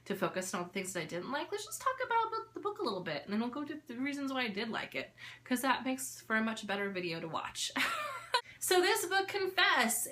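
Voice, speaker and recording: A woman's voice: on the high side, pushed and bright, slight background noise. A young woman vlogger giving a casual, candid book review, talking in a chatty way with lots of fillers.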